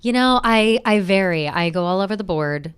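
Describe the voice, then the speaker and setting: A young woman co-hosting a podcast, telling stories in casual chat, animated and swearing freely with lots of "like". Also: mid-range voice, normal speed, clean tone. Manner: animated storytelling, swears freely, says "like" a lot. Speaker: podcast co-host.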